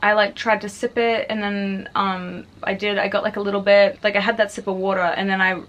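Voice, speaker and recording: A woman's voice: mid-range voice, flat delivery, brisk, a bit bright, highs cut off, a little hiss or hum. A young adult woman vlogger casually telling a personal story, chatty and full of fillers. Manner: chatty, filler-heavy, frequently says "like".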